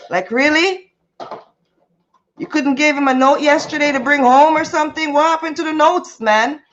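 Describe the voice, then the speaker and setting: A woman hosting a casual livestream, telling a story in an animated, chatty way and stopping to greet viewers. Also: sits high, a little hiss or hum. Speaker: livestream host. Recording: muffled lo-fi audio.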